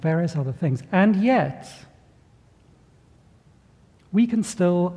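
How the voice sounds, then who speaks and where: A middle-aged man delivers a sermon, pausing deliberately between phrases. His voice is warm and a little husky, sitting somewhat high for a man. It carries with a long reverb, as if in a church hall. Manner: storytelling with acted voices, measured pauses. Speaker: pastor.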